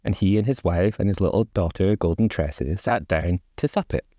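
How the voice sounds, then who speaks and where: Podcast host, male, low voice, reads a folk tale with joking asides, dry close mic. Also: normal speed, mellow, no room sound. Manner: wry, chuckling, chatty asides. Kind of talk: casual storytelling with joking asides.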